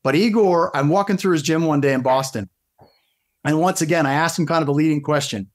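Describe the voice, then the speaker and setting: A middle-aged man, a fitness coach guesting on a podcast, telling stories in an animated way with frequent restarts. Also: a little high, brisk. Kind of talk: casual storytelling interview.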